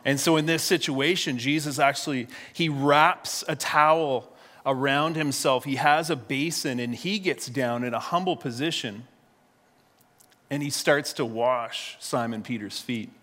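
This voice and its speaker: A man's voice: mid-range voice, a little slow, a bit bright. Man preaching in a conversational way in a reverberant hall. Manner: conversational, repeats words at restarts. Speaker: pastor. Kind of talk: storytelling sermon.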